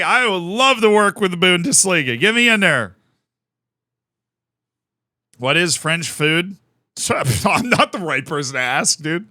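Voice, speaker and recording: A young American man chats casually on a live stream, rambling and poking fun at himself as he thanks viewers by name. His voice is high-pitched, bright, and forceful, recorded in studio quality with no echo.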